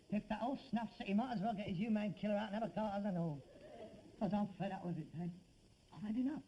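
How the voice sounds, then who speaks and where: A man's voice: high-pitched, breathy edge, highs cut off, full character voice. An actor playing a frustrated, sardonic middle-aged rag-and-bone man, theatrical and self-pitying in a 1960s sitcom. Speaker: son in a sitcom. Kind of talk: 1960s studio sitcom acting.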